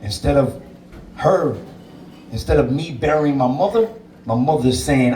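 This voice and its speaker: A man tells his own story in an interview, blunt and emphatic, and he swears freely. His voice is mellow and sits at an ordinary pitch. He is picked up from a distance in a roomy, echoing space with a faint hiss behind him. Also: expressive, unhurried, pauses often. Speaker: DJ and interview guest. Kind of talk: candid personal storytelling. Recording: roomy sound, away from the mic.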